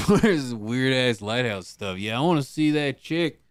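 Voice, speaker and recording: A livestream host with an expressive, mid-range voice speaks unhurriedly in clean studio sound with no echo. Keeping things casual, he laughs and mutters to himself while sorting out his monitors.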